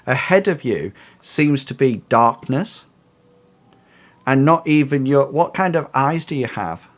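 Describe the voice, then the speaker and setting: Halting man running a tabletop game. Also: medium pitch, expressive. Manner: hesitant, many fillers and restarts. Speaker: game master.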